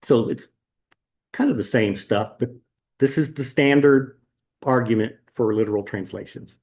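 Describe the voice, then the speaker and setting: A man's voice: mid-range voice, measured pace, a little mellow. A man teaching a Bible class at church, talking casually with ums and rhetorical questions as he walks through slides.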